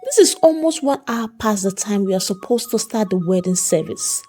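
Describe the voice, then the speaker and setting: A woman's voice: mid-range voice, lively intonation, moderate pace, mellow, soft background music, lightly acted. Woman voicing a stern male pastor. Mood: angry. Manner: stern, demanding.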